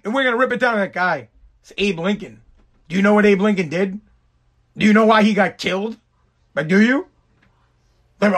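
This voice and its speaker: A man from the United States delivers an exasperated, profanity-heavy rant straight to camera. His voice sits high for a man, and he repeats words as he pushes his point. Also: fairly bright tone. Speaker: vlogger. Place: Boston.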